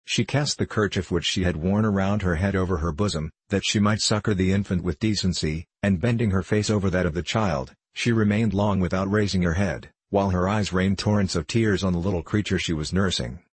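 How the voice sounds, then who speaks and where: A man narrating an audiobook in a steady, even reading with a husky voice. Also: low voice, a little fast, hardly any pauses, no room sound.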